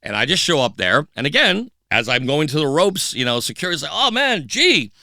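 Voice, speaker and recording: A middle-aged man, a DJ guest on a podcast, telling stories in a casual, animated way and acting out the voices of the people in them. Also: medium pitch, quick pace, no room sound, clean studio sound. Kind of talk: casual storytelling interview.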